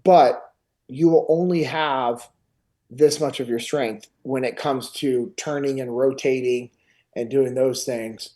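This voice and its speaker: Podcast host, middle-aged man, animated casual storyteller, mid-pitched voice. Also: slow pace. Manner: animated retelling, acts out others' lines.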